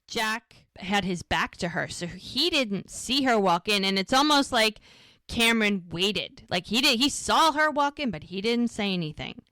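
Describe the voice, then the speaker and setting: A woman co-hosting a podcast, retelling a TV episode in a chatty, animated way. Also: mid-range voice, normal speed, dry recording. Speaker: podcast co-host. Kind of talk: casual episode recap.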